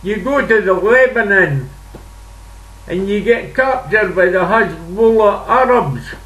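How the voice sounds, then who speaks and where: An older Scottish man rambles through a story in a fairly high voice, speaking slowly and unhurriedly. His voice sounds roomy and a little distant from the mic. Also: a bit bright, dull audio. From Scotland. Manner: rambling, chatty, with dialect words. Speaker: vlogger. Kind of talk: casual storytelling monologue. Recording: echoey room, distant mic.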